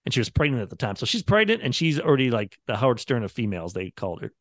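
A man's voice: medium pitch, big pitch swings, rapid-fire, no room sound, studio quality. A man, a radio producer chatting casually on a podcast and acting out quotes from the people in his stories. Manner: rambling storyteller, acts out quotes.

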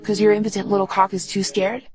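A woman's voice: medium pitch, little pitch movement, fast talker, darkish tone, faint music behind, close to an everyday voice. A woman voicing a young woman lover who talks in a mocking, provoking way.

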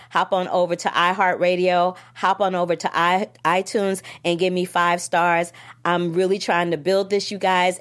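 A woman hosting a film critic show, talking emphatically and straight to her viewers in a casual chat. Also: lowish voice. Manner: emphatic, animated, talks straight to the audience.

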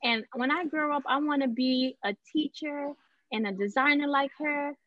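A woman doing a sweet little girl, high and earnest, full of adoration for her mom. The voice sits well above the speaker's usual range and is recorded close and dry. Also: moderate pace, dry recording, muffled recording, close to an everyday voice. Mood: adoring.

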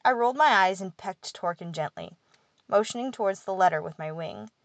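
A woman reading a first-person fantasy audiobook in a measured, steady way. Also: medium pitch, no room sound. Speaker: audiobook narrator.

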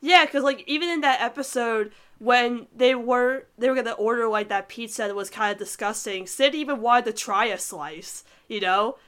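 A woman's voice: a little high, moderate pace, hardly any pauses, a bit bright. A woman co-hosting a podcast in casual chat, chatty and giggly, trailing off with filler words. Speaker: podcast co-host reviewing cartoon episodes.

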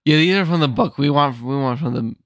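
A man co-hosting a podcast, chatting in relaxed, joking banter. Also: mid-range voice, a little fast, no room sound, clean studio sound. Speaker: podcast co-host. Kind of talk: casual chat.

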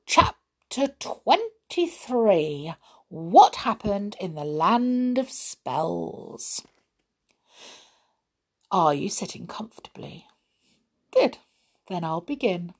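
A woman reading a children's storybook aloud, in a gentle, expressive read-aloud tone. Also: medium pitch, drawn-out words, long pauses, breathy edge.

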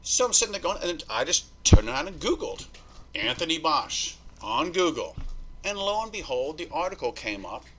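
A man telling his story as a podcast guest, animated and swearing, acting out what people said to him. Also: a little high, normal speed, noisy background. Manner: animated, swearing, acts out quoted dialogue. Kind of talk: storytelling interview.

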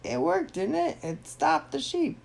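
A man doing a squeaky, eager ninja hero. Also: very animated, unhurried, gravelly, exaggerated voice. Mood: excited. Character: eager young male shape-shifting ninja hero.

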